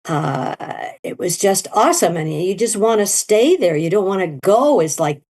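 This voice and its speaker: A middle-aged woman telling her story in an interview, animated and leaping into high quoted voices. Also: moderate pace. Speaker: guest, near-death experiencer.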